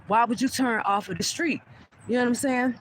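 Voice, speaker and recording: A woman telling a heated personal story to her viewers, profane and animated, speaking straight to the audience. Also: fairly high pitch, a little fast, a little hiss or hum. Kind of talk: casual storytelling rant.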